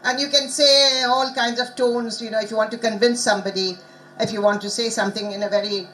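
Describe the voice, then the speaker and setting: A woman's voice: fairly high pitch, steady tone, fairly quick, fairly bright tone, slight background noise, rough recording. A woman giving an academic conference lecture in a teacherly way, often asking the audience rhetorical questions. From Bengal, India. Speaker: conference speaker on language teaching.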